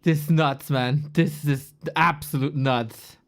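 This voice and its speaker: Woman, esports caster, live play-by-play, high energy, shouts on big plays. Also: steady tone, slow pace. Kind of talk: live game commentary.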